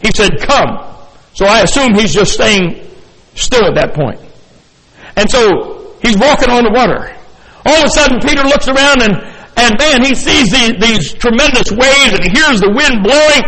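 An older man preaching a sermon, animated, acting out the story and chuckling as he goes. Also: extremely high pitch, normal speed. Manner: animated, acts out scenes, chuckles often. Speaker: pastor. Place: church sanctuary. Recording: reverberant church hall.

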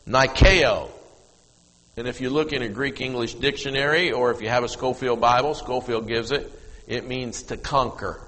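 A middle-aged man preaching a sermon as pastor, telling a story and moving from hushed asides to loud, emphatic peaks. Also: mid-range voice. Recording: long reverb of a church hall.

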